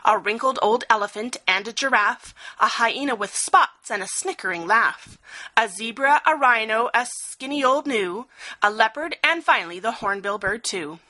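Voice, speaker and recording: A woman reading a rhyming picture-book story aloud, expressive, with a sing-song rhythm. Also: a little high, moderate pace, rough recording.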